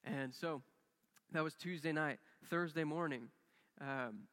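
A man's voice: a little high, slow pace, fairly bright tone. Earnest man preaching in a reverberant church hall. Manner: earnest, acts out quoted dialogue with rising and falling intensity. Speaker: pastor. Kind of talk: sermon storytelling. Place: church sanctuary.

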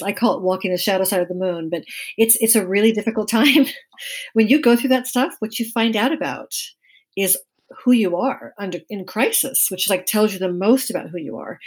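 A woman's voice: medium pitch, darkish tone, husky. A woman as a guest on a podcast, speaking candidly and self-deprecatingly, laughing often. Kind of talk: casual chat.

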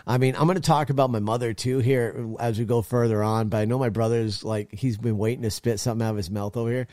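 A man's voice: medium pitch, steady tone, fast, a little mellow, dry recording, studio quality. A man hosting a call-in talk show, ranting bluntly and swearing freely. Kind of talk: opinionated political talk.

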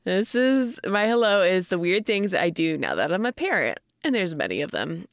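A woman's voice: on the low side, big pitch swings, moderate pace, no room sound. A young woman co-hosting a casual parenting podcast, rambling and laughing often. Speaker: podcast co-host. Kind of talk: casual chat.

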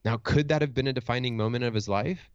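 A middle-aged man, a motivational speaker and coach, tells a personal story in conversation, reflective and earnest, restarting often. He talks fast in a clean, mid-range voice with no room sound, though the lo-fi recording is dull and dry.

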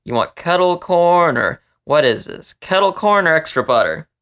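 A man's voice: on the high side, normal speed, voice pushed up. A man reading a story, voicing a stocky male rat who teases with a smirk. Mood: joking. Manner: smirking, deadpan teasing.

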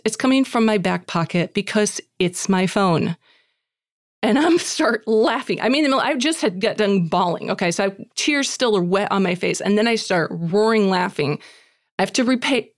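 A woman giving a chatty, animated personal faith testimony at a women's gathering, acting out dialogue and saying "like" often. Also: on the low side, no room sound, clean studio sound. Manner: heavy use of "like" as filler. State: tearful at moments.

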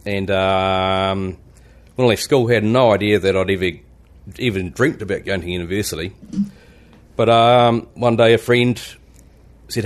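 A man's voice: fairly low pitch, steady tone, moderate pace, smooth. A man from New Zealand with a New Zealand accent, a landscaper guest on a podcast, laid-back and self-deprecating. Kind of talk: casual podcast interview. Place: studio.

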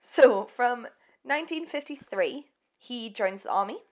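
A woman's voice: fairly high pitch, lively intonation, measured pace. A woman co-hosting a casual true-crime podcast, telling the story in a chatty, giggly way with many ums. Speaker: podcast co-host.

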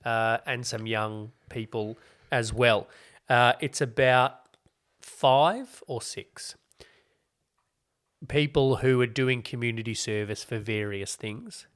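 Casting: male podcast co-host, mid-pitched, chatty and wry, casual TV review talk. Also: slow pace, fairly bright tone. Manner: chatty, explaining at length with wry asides. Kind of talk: casual chat reviewing TV shows.

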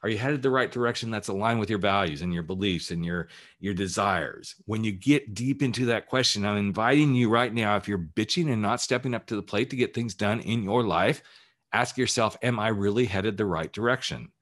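A man's voice: on the low side, fairly quick, fairly bright tone. A man who works as a life coach, giving a candid, emphatic motivational talk on his podcast and swearing casually as he goes.

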